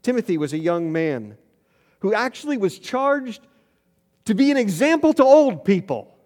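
Pastor preaching, long hall reverb. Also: male voice, sits high, very animated, normal speed. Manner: storytelling, rising loud for emphasis. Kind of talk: sermon. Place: church sanctuary.

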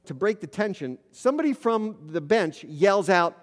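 Pastor preaching, long hall reverb. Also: male voice, high voice, lively intonation, moderate pace, hardly any pauses. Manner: storytelling, rising loud for emphasis. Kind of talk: sermon. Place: church sanctuary.

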